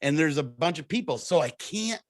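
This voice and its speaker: A man telling a story in casual chat, animated and laughing as he acts out the people in it. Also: on the high side, normal speed, no room sound. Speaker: comedian guest.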